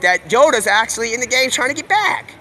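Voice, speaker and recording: A man livestreaming, talking in a rambling, slangy, excitable stream of thought. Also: extremely high pitch, fairly quick. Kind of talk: rambling live-stream monologue.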